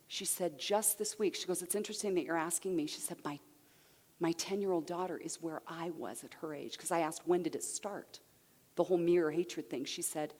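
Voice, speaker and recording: A woman giving a conference talk to men, lively and acting out the people she quotes. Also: fairly low pitch. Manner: animated, acts out quoted voices. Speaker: seminar speaker. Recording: long hall reverb.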